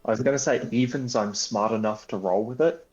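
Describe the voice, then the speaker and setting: A man's voice: medium pitch, a little fast, darkish tone. A man playing a tabletop role-playing game, talking loosely and hesitantly in casual chat. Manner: loose and hesitant, many fillers. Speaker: player. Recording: dull lo-fi mic.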